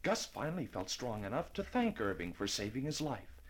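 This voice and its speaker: A man reading a children's storybook aloud in a lively, expressive way. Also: mid-range voice, moderate pace, slight background noise, low-quality recording. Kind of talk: storybook narration.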